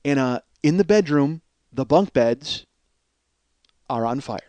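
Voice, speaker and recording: A man in his forties hosting a podcast, telling a comic story from his childhood in an animated, profane way. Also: takes it slowly, heavy background noise. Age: 40s. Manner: animated, profane, acts out voices with big pitch swings. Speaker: podcast host.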